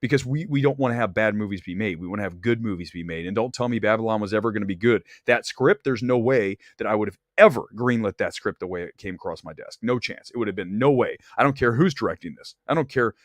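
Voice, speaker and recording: A man's voice: fast talker, few pauses, dry recording. Blunt, opinionated male movie host. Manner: blunt, opinionated, straight-talking; animated, climbs high when ranting. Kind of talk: box office commentary monologue.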